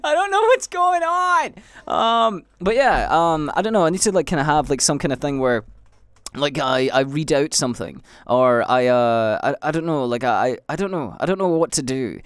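A young Scottish man, a podcast host and livestreamer, rambles through a casual solo monologue on his own podcast, full of fillers, restarts, and swearing. His medium-pitched voice is smooth at a moderate pace, recorded in a studio with no echo.

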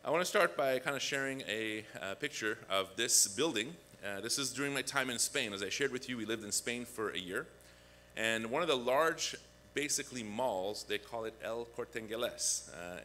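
A man's voice: on the low side, normal speed, slight background noise. A man preaching a conversational sermon as a guest pastor, telling a personal story. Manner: conversational, animated when acting out quotes. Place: church.

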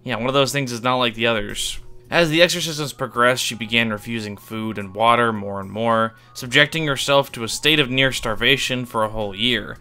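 A man's voice: medium pitch, brisk, pushed and bright, clean tone, faint music behind. A man reading a scripted video narration in an offhand, wry way, dropping casual asides and the odd swear word for comic effect. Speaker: YouTube iceberg explainer.

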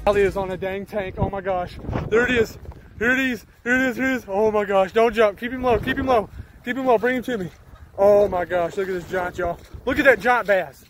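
A man giving casual, excitable fishing commentary outdoors on a lake, exclaiming and repeating himself. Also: sits high, brisk, music in the background. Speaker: fishing vlogger.

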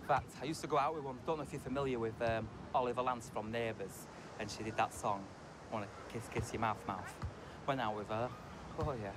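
A man with a Yorkshire accent narrating a comic travel show and playing sketches, brash and boastful in a deadpan way. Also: medium pitch, fast talker, background noise. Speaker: comic presenter.

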